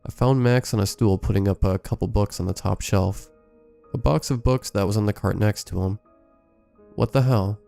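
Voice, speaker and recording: A man reading a first-person scary story aloud in a measured, scripted storytelling delivery. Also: lowish voice, vocal fry, mellow, faint music behind. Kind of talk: scripted horror story narration.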